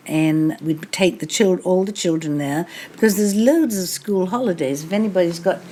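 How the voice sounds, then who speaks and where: Her voice is low-ish and dark-toned at a normal speed: an older woman from England, appearing as a guest author before a bookshop audience. In this live interview she spins wry, anecdotal stories, frequently breaking into laughter.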